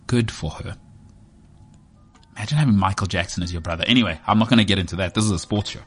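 A South African man in his thirties talks in a slightly low voice. He rambles through a sports show with jokes at his own expense. Faint music plays underneath. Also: fast, a bit bright, breathy edge. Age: 30s. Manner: joking, self-mocking, drifts off topic. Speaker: sports podcast host. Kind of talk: rambling comic monologue.

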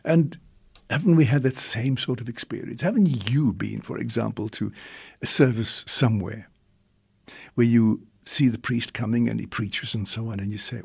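A man, a priest, giving a reflective homily with long pauses and drawn-out emphasis. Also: mid-range voice, vocal fry, a little mellow, husky.

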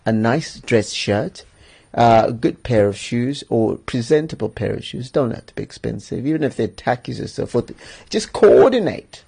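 A man's voice: medium pitch, lively intonation, moderate pace, creaky, dark tone, husky. A man hosting a solo podcast, giving advice in an emphatic, joking way and chuckling often. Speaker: podcast host.

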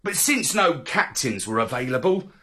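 A man reading a children's story aloud in the first person, with an expressive, swooping storybook delivery. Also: medium pitch, moderate pace, breathy edge.

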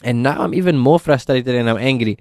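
A man's voice: medium pitch, fairly quick, darkish tone, dry recording, clean studio sound. A South African man earnestly telling his own life story in an interview, acting out the people he quotes. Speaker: guest sharing his testimony. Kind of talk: personal testimony in an interview.

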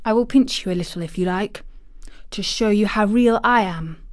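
A woman reading aloud, voicing a startled but bold young girl in a higher, urgent voice. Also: moderate pace, no echo, studio quality, lightly acted. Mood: startled, eager.

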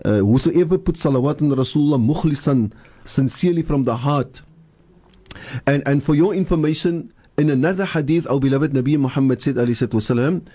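An older man gives a preacherly talk as a sheikh on a radio show, and the talk sometimes turns into chanting. His voice sits somewhat high and sounds warm and mellow. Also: fairly quick. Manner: preacherly, switching into Afrikaans and leading chanted dhikr.

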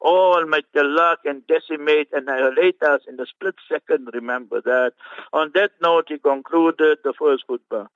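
A man translating and commenting on a Friday sermon, fervent and scornful, breaking into quick Arabic recitations. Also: fairly high pitch, a bit bright, no echo. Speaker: religious scholar commenting on a sermon. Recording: muffled radio broadcast.

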